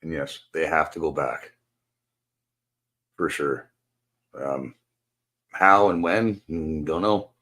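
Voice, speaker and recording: A man's voice: rumbling low, fairly even intonation, slow pace, long pauses, fairly bright tone. A man hosting a stream, venting in casual, profanity-laced chat on a video call. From Canada. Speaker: stream host. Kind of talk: casual rant to a guest.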